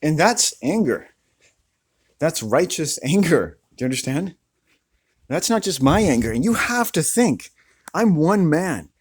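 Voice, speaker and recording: A man with a squeaky voice ranting to camera outdoors in a furious, profane, confrontational way. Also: very animated, a little slow, pauses often, slightly rough. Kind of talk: angry rant to camera.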